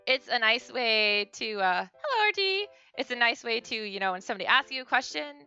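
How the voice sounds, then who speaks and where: A woman's voice: a little high, a little fast, sharp tone, clear, resonant tone, muffled recording, soft background music. A woman streamer giving a casual beginner language lesson, chatty and full of fillers and self-corrections.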